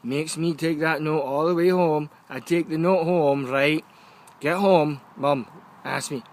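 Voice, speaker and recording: A man with a Scottish accent telling a funny story in a lively, chatty rant, often checking in with the listener. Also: on the high side, measured pace, a little hiss or hum. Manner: animated, keeps checking in with "right?".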